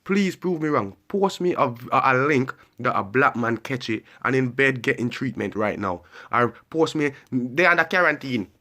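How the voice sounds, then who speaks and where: A man's voice: medium pitch, lively intonation, moderate pace, hardly any pauses, pushed and bright. A man delivering a heated, repetitive ranting monologue and pressing the listener with questions. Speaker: vlogger.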